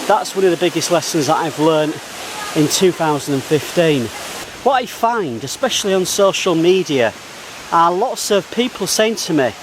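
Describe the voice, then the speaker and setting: A man talking casually to camera as he walks outdoors through a garden, upbeat and motivational, getting excited as he speaks. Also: on the high side, normal speed, slight background noise, rough recording. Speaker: travel vlogger. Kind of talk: casual walk-and-talk to camera. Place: outdoor botanical garden, walking.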